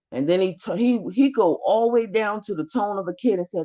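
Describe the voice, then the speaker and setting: A woman's voice: mid-range voice, a little fast, few pauses, dark tone, highs cut off. A woman vlogger telling a story of her own in blunt, profane, heated casual speech. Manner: profane, blunt, rising anger.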